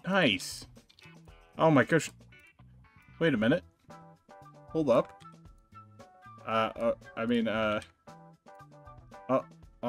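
A young man narrating a let's play, joking around and reacting loudly to the game. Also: mid-range voice, slow, pauses often, faint music behind. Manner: excitable, jokey, squeals when startled. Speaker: gaming YouTuber.

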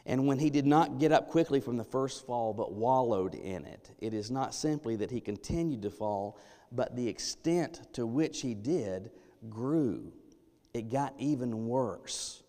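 Pastor guy preaching, goes quiet then loud, mid-pitched voice, big church echo. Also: lively intonation, a little slow. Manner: emphatic, swings from hushed to loud. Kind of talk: sermon. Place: church sanctuary. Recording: long church reverb.

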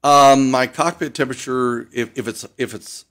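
An older man from Ohio with an Ohio accent, a pilot guest on a radio interview, chatty and animated as he tells stories. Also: medium pitch, normal speed. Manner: chatty storyteller, animated, fond of doing accents. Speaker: air show pilot.

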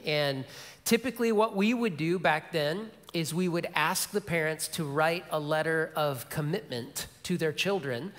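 A middle-aged male pastor preaching a sermon, telling stories and dropping to a soft, low voice for emphasis, with repeated key phrases. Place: large church sanctuary. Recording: long church hall reverb.

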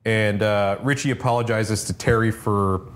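A man with a fairly low voice talks through a TV episode in a loose, rambling way, full of "uh" and swearing. A faint hiss of noise sits under the recording. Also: fairly even intonation, normal speed. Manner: rambling recap with fillers and swearing. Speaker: podcast co-host. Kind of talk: casual review chat.

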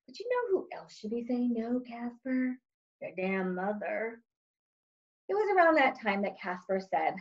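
A woman's voice: mid-range voice, very animated, moderate pace, lo-fi sound. A woman reading her own book aloud in a wry, sarcastic, exasperated tone. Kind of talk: audiobook-style reading.

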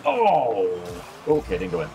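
A man's voice: lowish voice, wildly swooping pitch, unhurried, vocal fry, muffled recording, heavy background noise. A man chatting casually during a game, laid-back and chuckling. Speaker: gamer. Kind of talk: casual gaming chat.

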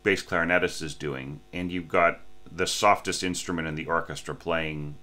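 There's a faint mains hum under this clip of an orchestration teacher, a man whose very low voice has a bright, forceful edge and fairly even intonation. His score critique is halting, full of restarts and "right?" checks, and he sometimes sings or breathes the phrasing while sounding a bit sleepy.

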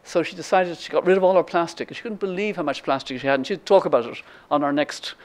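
An Irish guest speaker in her seventies tells a story during a lecture, full of ums and restarts. Her voice is low and a little mellow, and she talks fast.

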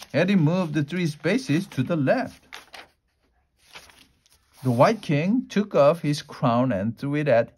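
Man slowly reading a storybook aloud. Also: fairly high pitch, darkish tone, breathy edge. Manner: unhurried, with small slips and restarts.

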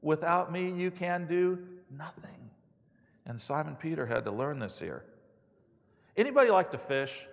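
A man preaching a sermon, telling stories in an animated way and acting out the quotes. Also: on the high side. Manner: animated storytelling with acted-out quotes. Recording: long hall reverb.

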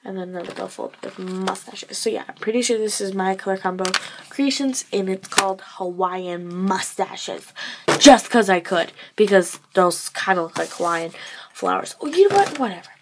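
A tired teenage girl shows off her handmade duct tape wallets in a casual show-and-tell vlog, chatty and full of fillers, often trailing off. Her mid-range voice has lively intonation and a normal pace, with background noise behind it.

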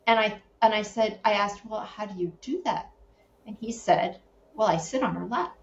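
A middle-aged woman from Connecticut, a podcast guest, telling stories in a lively, animated way, acting out quoted voices and laughing often. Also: mid-range voice, moderate pace, vocal fry. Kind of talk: casual interview storytelling. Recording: roomy, slightly dull sound, faint background hum.

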